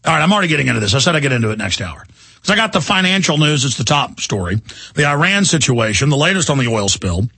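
A man's voice: mid-range voice, sing-song, fast talker, creaky, pushed and bright, husky, no room sound. A man hosting a talk radio show, rambling and indignant in an emphatic monologue from a studio.

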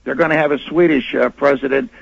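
A man's voice: medium pitch, fairly even intonation, creaky, husky. A male caller to a radio show, speaking hesitantly with many restarts. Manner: hesitant, halting, full of restarts. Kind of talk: call-in radio. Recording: dull lo-fi phone line.

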